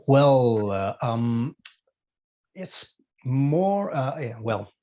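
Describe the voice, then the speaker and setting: A man's voice: medium pitch, expressive, highs cut off. Hesitant man. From Quebec. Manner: hesitant, many pauses and fillers. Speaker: musician guest. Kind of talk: casual interview answers.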